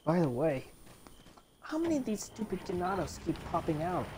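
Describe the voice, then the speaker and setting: A woman commentating a video game she is playing, swearing often and getting quickly exasperated at the game. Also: lowish voice, sing-song, background noise. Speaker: gamer. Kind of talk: let's play commentary.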